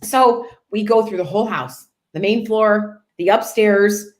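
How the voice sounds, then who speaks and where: With a mid-range voice and an unhurried pace, a woman recounts an amusing episode from her real estate work for a podcast. She livens up the casual story by voicing the characters herself.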